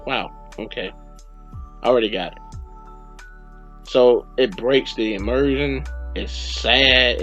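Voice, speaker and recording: A man's voice: medium pitch, a bit bright. A man hosting a podcast, rambling casually through a game review and acting out his own reactions. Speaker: podcast host. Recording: dull lo-fi recording with faint music.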